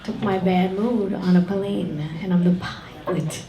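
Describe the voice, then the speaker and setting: A woman's voice: mid-range voice, expressive, measured pace, pauses often. A middle-aged woman doing a brash, profane stand-up set on a comedy club stage. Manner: brash, profane, ranting delivery. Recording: echoey club with loud crowd.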